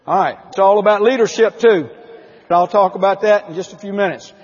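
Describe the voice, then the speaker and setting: A man's voice: high voice, lively intonation, a little fast, a little mellow, breathy edge. A man giving an emphatic keynote speech at a company conference, telling stories and asking the audience questions. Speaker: motivational speaker at a company conference. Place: large conference hall. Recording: dull lo-fi audio with long hall reverb.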